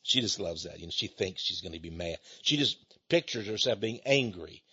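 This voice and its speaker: A man's voice: low voice, lively intonation, brisk, bright, forceful tone, husky. An older man preaching a folksy, rambling sermon monologue with chuckling asides, speaking as the head of his own ministry. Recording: dull lo-fi recording.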